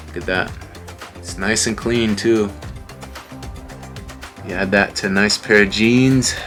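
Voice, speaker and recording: A man with a low, deep voice talks viewers through his resale finds in a relaxed, rambling way. He often pauses on fillers. Soft music sits faintly underneath. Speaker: online reseller. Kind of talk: casual show-and-tell vlog.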